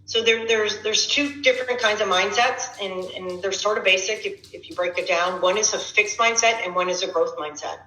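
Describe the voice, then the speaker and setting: A woman's voice: mid-range voice, moderate pace, hardly any pauses, bright, forceful tone, echoey room, poor audio. A middle-aged woman fitness coach giving a casual motivational workshop talk, conversational and repetitive, often restarting her words.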